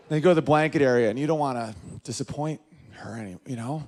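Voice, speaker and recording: A man in his thirties doing an animated stand-up comedy routine, jumping in and out of character voices. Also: fast. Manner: animated, jumps into high-pitched character voices.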